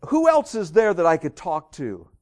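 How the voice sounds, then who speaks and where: A preacher doing a fed-up boss on the phone, voice pushed well up in pitch and loud. He fires off impatient questions and grows more strained with each one. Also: huge pitch swings, normal speed. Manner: exasperated, raised pleading questions. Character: irritated male company boss on the phone.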